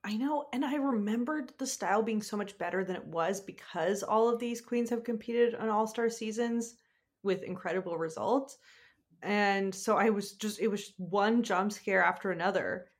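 A woman co-hosting a chat podcast with a wry, deadpan sense of humor. She talks casually and often laughs at her own sarcasm. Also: medium pitch, normal speed. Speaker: podcast co-host.

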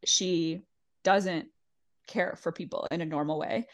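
A lowish, slightly unhurried female voice belongs to a podcast co-host giving an animated reality-show recap. Casual and profane, she mimics the cast's lines as she talks.

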